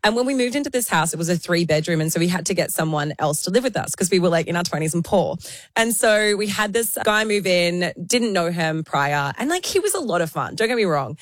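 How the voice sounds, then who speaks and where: A woman, co-hosting a podcast and telling animated stories in casual chat. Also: fairly low pitch, a little fast, no echo, clean studio sound. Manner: animated storyteller, laughing. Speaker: podcast co-host.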